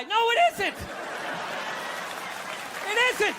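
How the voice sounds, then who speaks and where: A man doing a stand-up comedy set, ranting profanely and shouting his punchlines with incredulous disbelief. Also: very high voice, sing-song, a little slow. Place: comedy club stage with audience. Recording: live stand-up with crowd noise. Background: audience laughter.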